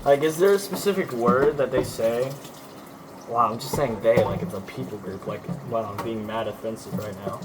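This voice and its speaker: A man's voice: mid-range voice, normal speed, over a noisy crowd, poor audio. A young man with a Texan accent, rambling in a jokey, scattered way while doing chores at home. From Texas. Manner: scattered, self-interrupting, jokey. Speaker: vlogger. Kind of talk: rambling casual vlog chat.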